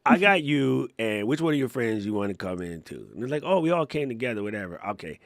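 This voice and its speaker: A man's voice: medium pitch, fast, vocal fry, no room sound, studio quality. A man from Hawaii co-hosting a live podcast, telling casual stories and acting out the voices of people in them. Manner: animated storytelling, acts out voices in anecdotes. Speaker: podcast co-host.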